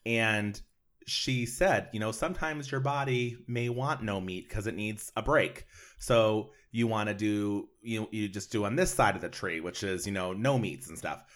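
A man hosting a casual interview, talking in a conversational, rambling way that trails off softer at the ends of phrases. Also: on the low side, unhurried. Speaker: host, interviewer.

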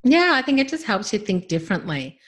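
A woman's voice: medium pitch, sing-song, a little fast. A woman co-hosting a business podcast, speaking in an earnest, encouraging way. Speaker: podcast co-host, business owner. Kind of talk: casual business chat.

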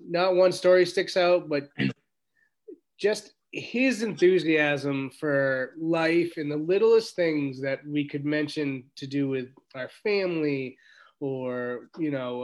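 A man guest on a podcast, thinking aloud as he recalls years of friendship. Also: on the high side. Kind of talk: casual recollection.

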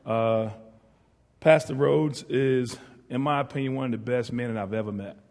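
A man's voice: medium pitch, fairly even intonation, moderate pace, vocal fry, darkish tone. A middle-aged man from northeastern North Carolina, preaching as a guest speaker in a church, earnest and heartfelt with playful asides to the congregation. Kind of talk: church sermon. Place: church sanctuary. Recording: hall reverb.

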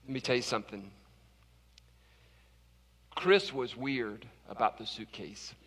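A male pastor telling an animated personal story in a sermon, stumbling and restarting often. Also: mid-range voice, unhurried, slightly rough, in a large hall.

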